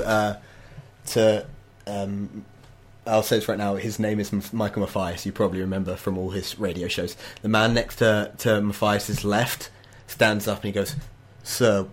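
A man narrating as game master of a tabletop game over an online call, descriptive and halting. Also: fairly low pitch, level tone.

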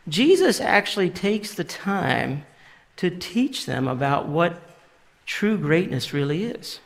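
A man's voice: high-pitched, big pitch swings, takes it slowly, creaky. A man preaching a sermon in a conversational way, paraphrasing scripture and often restarting his sentences. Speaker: pastor. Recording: long reverb of a large hall.

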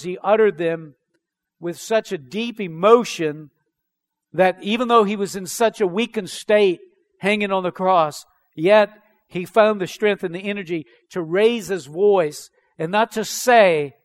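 A man preaching a sermon as pastor, reading scripture aloud and then explaining it with emphatic questions. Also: sits high.

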